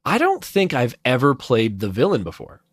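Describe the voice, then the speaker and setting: A man, a voice actor, talking casually in an interview, chatty and self-deprecating, with quick asides. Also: mid-range voice, huge pitch swings, no echo, clean studio sound. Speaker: voice actor guest. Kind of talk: casual chat.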